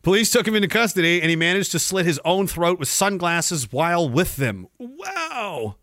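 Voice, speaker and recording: In clean, echo-free studio sound, a young man with a high, slightly bright voice hosts a livestream at a brisk clip. He reads viewer chat while ranting casually and sarcastically, swearing a lot and acting out mocking voices.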